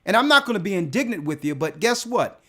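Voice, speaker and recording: A man's voice: sits high, sing-song, quick pace, pushed and bright. A man, a church elder, telling a personal testimony in casual speech, emphatic and often repeating words as he builds his point.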